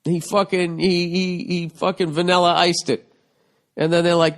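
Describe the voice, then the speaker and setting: A man's voice: high voice, steady tone, moderate pace. A man in his forties from the United States, hosting a comedic podcast, ranting bluntly and profanely about a listener's letter. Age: 40s. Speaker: podcast host.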